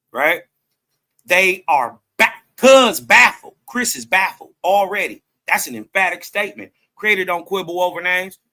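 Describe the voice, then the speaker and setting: A man's voice: high-pitched, pushed and bright. A man, commenting on a debate clip in an emphatic, preachy way that keeps asking "right?". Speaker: host reacting to a clip.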